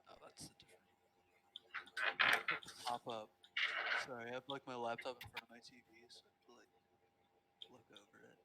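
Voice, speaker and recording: A man's voice: medium pitch, level tone, brisk, creaky, pauses often, very noisy. A man playing a tabletop game, talking in a hesitant, fumbling way. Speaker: player. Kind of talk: casual tabletop play.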